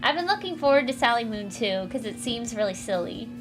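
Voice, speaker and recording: A woman streams from her home with a fairly high voice, chatting and giggling between comic pages. She is quick to thank viewers, and faint music plays softly under her talk. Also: lively intonation. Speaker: streamer reading comics aloud. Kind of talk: casual livestream chat. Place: home room. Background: faint music, dryer running.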